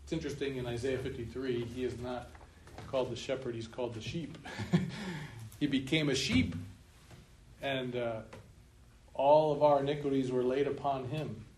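A man's voice: mid-range voice, darkish tone. Male pastor preaching, emphatic, chuckles here and there, echoey church with a bit of hiss. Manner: emphatic, slows down to stress key points; chuckles at his own remarks. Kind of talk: sermon. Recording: roomy room echo, faint noise.

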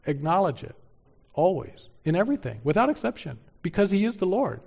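Guy preaching a sermon, bit high voiced, hammers phrases over and over, muffled lo-fi audio. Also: sing-song, fairly quick, creaky, darkish tone, breathy edge. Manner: emphatic, repeats key phrases for stress. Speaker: pastor.

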